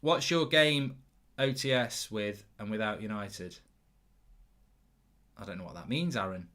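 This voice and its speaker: Bantering football watchalong host. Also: male voice, fairly low pitch, measured pace, fairly bright tone. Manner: banter-filled, teasing, chatty with stammered restarts. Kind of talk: live football watchalong commentary.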